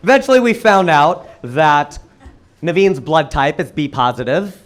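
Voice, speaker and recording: High-voiced man doing stand-up. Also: a little slow, a little hiss or hum. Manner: animated storytelling with sudden jumps in pitch and volume. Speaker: stand-up comedian. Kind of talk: stand-up comedy set. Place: comedy club stage with live audience.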